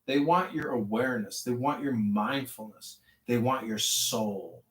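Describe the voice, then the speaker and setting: A man holding forth on spirituality in a preachy, rambling manner, calm one moment and fervent the next. He sounds set back from the mic, and the capture rings with echo. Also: medium pitch, unhurried. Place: online audio chat room. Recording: echoey, distant audio-room capture.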